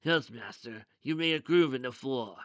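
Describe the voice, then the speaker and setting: A man voicing a smug, scheming male villain with claws who talks smoothly. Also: mid-range voice, moderate pace, no echo, lightly acted.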